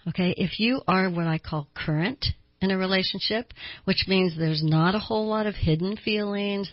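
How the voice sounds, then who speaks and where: A woman's voice: fairly low pitch, no room sound, lo-fi sound. A woman therapist hosting a radio talk show, explaining things earnestly with small laughs.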